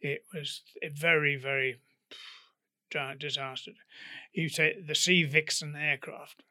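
An older British man, a guest in an interview, telling animated stories and acting out their dialogue. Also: on the high side, measured pace. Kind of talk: anecdotal storytelling in an interview.

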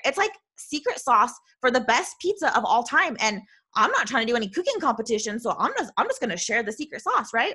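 Bright, bubbly woman coaching on a podcast. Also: a little high, very animated, fast, slightly rough. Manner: loud and bubbly; earnest, with many "right?" tags. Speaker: self-love coach and podcast host. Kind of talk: motivational podcast monologue.

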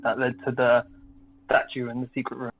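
A man's voice: mid-range voice, completely flat delivery, fast talker, faint music behind. A man playing a tabletop game as a player, talking casually and asking questions. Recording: tinny phone-like line.

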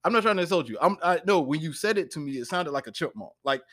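A man hosting a casual podcast, talking in an animated way and laughing easily. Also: fairly high pitch, no echo, clean studio sound. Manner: animated, flustered, quick to laugh. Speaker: podcast host.

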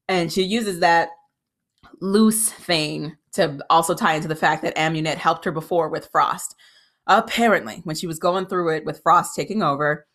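A woman giving casual, opinionated commentary as a TV recap host, frank and animated, often jumping up in pitch when exasperated. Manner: frank and critical, with filler "like" and restarts.

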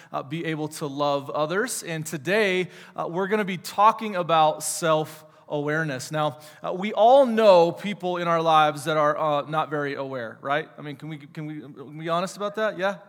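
A man in his thirties with a somewhat high, fairly bright voice gives a casual sermon in a church sanctuary, chatty and joking. He uses many fillers and puts questions to the audience, with long hall reverb on the recording.

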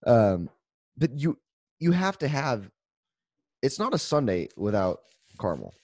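A man's voice: mid-range voice, sing-song, a little slow, a little mellow, no echo, clean studio sound. A man co-hosting a casual podcast chat, playful and teasing, laughing often. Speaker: podcast co-host.

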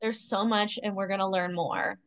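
A woman's voice: medium pitch, fairly even intonation, normal speed, smooth. A woman co-hosting a podcast, chiming in with short, blunt reactions and quips during a casual episode recap. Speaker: podcast co-host.

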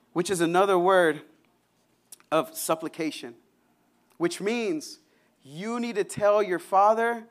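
A young man preaching a casual, animated sermon, acting out prayers and everyday conversations. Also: sits high. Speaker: pastor.

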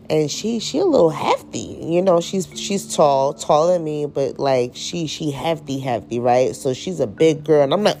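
A woman with a low voice hosts her own podcast, talking in a loose, rambling way full of slang and casual swearing. Faint music plays quietly behind her. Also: lively intonation, moderate pace, few pauses. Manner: candid, slangy, swears freely, rambling storyteller. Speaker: podcast host. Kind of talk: casual unedited podcast chat.

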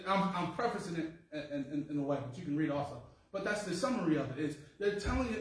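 Brief: male preacher, slightly high voice, sermon heard from across a very echoey room. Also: quick pace. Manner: conversational preaching with call-and-response and rising emphasis. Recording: echoey room, mic far off.

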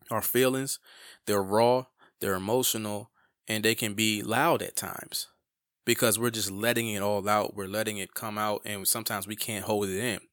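A community advocate, a man, talks through his experiences in an emphatic, heartfelt way, breaking off and restarting as he pushes his point. His lowish voice is resonant and forceful, with a bright edge. The sound is dry, with no room echo. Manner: passionate and emphatic, self-interrupting restarts. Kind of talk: personal storytelling.

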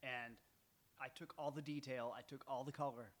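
A man's voice: medium pitch, steady tone, normal speed. A man chatting as a podcast guest, joking and swearing freely. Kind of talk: casual chat.

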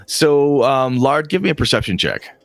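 A man's voice: mid-range voice, animated, normal speed, a bit bright, no room sound. A man narrating as game master of a tabletop game, rambling with fillers.

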